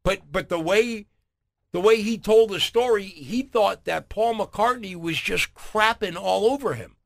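A man hosting a morning radio show, telling a story in a relaxed way and often repeating words. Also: high-pitched, measured pace, vocal fry. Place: radio studio. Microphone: studio microphone.

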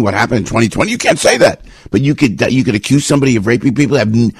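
A man's voice: medium pitch, husky, dry recording. A man hosting a talk radio show, speaking in a fired-up, indignant and rambling way from a radio studio.

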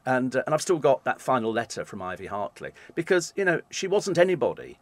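A man, a radio presenter telling animated stories in an interview. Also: medium pitch, fairly quick. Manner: animated anecdotes, acts out quoted voices. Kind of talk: storytelling in an interview.

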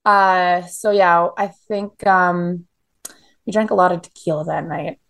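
A woman's voice: lowish voice, steady tone, measured pace, gravelly, fairly bright tone, clean tone. A woman in her thirties from Canada, telling blunt, profane stories in a casual interview with lots of "like" fillers. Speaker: guest.

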